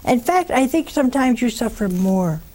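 A woman's voice: a little high, big pitch swings, a little mellow. An older woman hosting a religious call-in show, blunt and fervent, answering callers. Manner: slow, blunt and fervent, calls callers honey.

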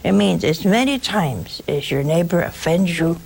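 A woman's voice: on the low side, animated, normal speed, creaky, darkish tone, rough recording. A woman preaching a sermon in a folksy, humorous way, acting out the scripture stories as she goes.

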